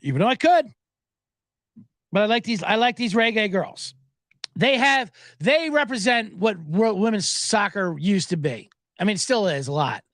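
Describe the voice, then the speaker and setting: A man's voice: high voice, animated, moderate pace, a bit bright, dry recording, studio quality. A man hosting a sports betting show, talking in a loose, joking, profane ramble full of asides. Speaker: sports betting podcast host. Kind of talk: casual rambling commentary.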